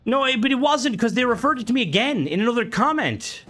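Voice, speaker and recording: Profane, jokey young Irish streamer. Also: male voice, very animated, quick pace, a bit bright. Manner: jokey and profane, voice jumping high when worked up. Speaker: game streamer. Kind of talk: casual live-stream chat, reading comments.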